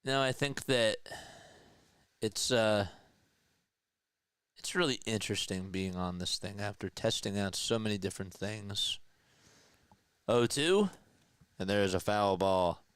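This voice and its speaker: Chatty male stream host calling pitches between viewer shout-outs, smooth and resonant, dry sound. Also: measured pace, long pauses, dry recording. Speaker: livestream play-by-play host. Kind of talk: casual live play-by-play with chat reading.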